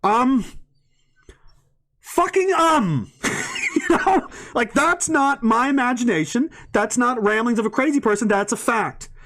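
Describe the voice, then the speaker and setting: A man's voice: very high voice, moderate pace, a bit bright. A man in a ranting monologue to an audience, swearing often, rambling and breaking into laughs mid-sentence.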